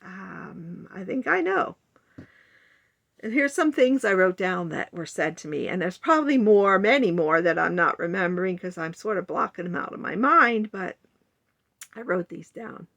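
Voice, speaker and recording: An older woman in her sixties speaks to the camera in a personal vlog, earnest and a little rambling. Her voice has a gravelly, fry-edged texture. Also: medium pitch, lively intonation, moderate pace, fairly bright tone. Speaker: vlogger. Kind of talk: personal confessional monologue.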